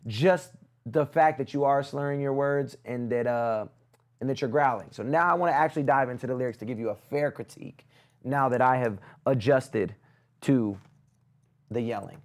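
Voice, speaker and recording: A man's voice: mid-range voice, normal speed. A man hosting a live music review stream, giving blunt, casual critiques in slang and talking to his chat. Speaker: music review livestream host.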